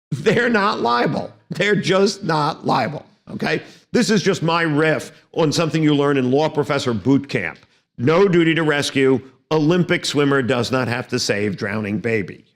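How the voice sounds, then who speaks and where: Male law lecturer with a slightly high voice, telling wry, dramatic stories to prep students for an exam. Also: fairly bright tone.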